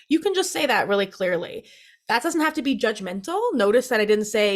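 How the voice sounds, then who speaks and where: A young adult woman, a licensed therapist, giving a friendly, lively workshop talk with frequent "um"s. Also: on the high side, fairly quick.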